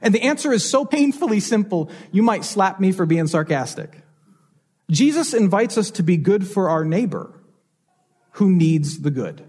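A man's voice: high voice, expressive, normal speed, darkish tone, breathy edge. A man preaching a sermon as pastor, telling stories and asking rhetorical questions with changing emphasis.

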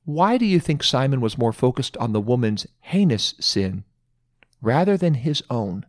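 A man preaching a devotional sermon, pausing for study questions and slowing down to stress key points. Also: mid-range voice, big pitch swings, no echo, clean studio sound. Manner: earnest, emphatic, slows down for stress.

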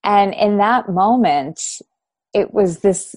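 A woman hosting a conversation, reflecting back on her guest's stories with warm enthusiasm. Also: mid-range voice, expressive, slow pace, slight background noise. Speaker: podcast host. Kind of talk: conversational interview.

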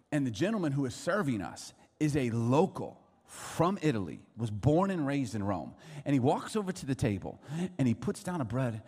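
A middle-aged male pastor preaching a sermon with humorous storytelling, joking and laughing often. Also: medium pitch. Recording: long reverb of a large hall.

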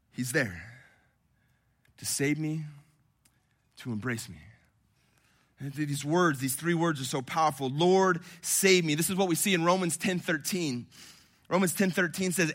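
A man in his thirties preaching a sermon to a congregation, swinging from quiet and intimate to loud and impassioned. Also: on the high side, normal speed. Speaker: pastor. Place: church hall with congregation.

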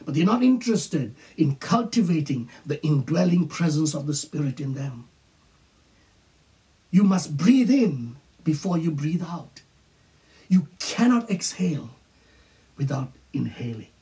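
A man preaching a sermon as pastor, slow and emphatic, dropping into whispers on key phrases. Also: a little high, very animated, dark tone, distant mic.

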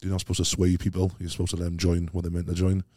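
A man's voice: sits low, completely flat delivery, very fast, warm tone, no room sound, clean studio sound. A Welsh man telling stories as a podcast guest, rambling and laughing easily, full of British slang. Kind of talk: casual chat.

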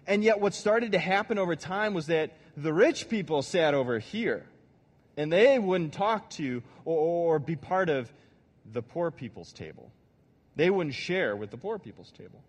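A man's voice: sits high, long reverb tail. A man giving a casual, conversational sermon as a pastor, joking and acting out quotes along the way. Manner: conversational, acts out quotes, jokes.

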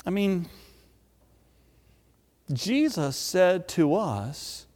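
A man preaching a sermon, speaking emphatically and repeating key words with drawn-out pauses. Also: high voice, big pitch swings, a little mellow. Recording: long reverb of a large hall.

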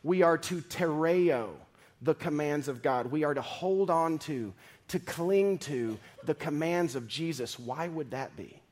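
Brief: male pastor, slightly higher voice, preaches with big swings between loud and hushed. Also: a little slow. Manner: dramatic scripture reading. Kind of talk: sermon.

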